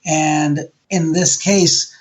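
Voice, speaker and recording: Animated New York man telling a story. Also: fairly high pitch, drawn-out words. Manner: animated, acts out quoted voices. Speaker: guest, homeowner and author. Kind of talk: casual storytelling interview.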